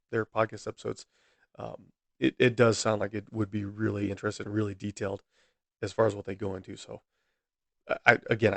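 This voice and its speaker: A man's voice: mid-range voice, creaky, dry recording. Male solo podcast host, mid-range voice, exasperated and rambling, dry close-mic sound. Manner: exasperated, repeatedly outraged, rambling with restarts. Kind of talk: solo true-crime podcast narration.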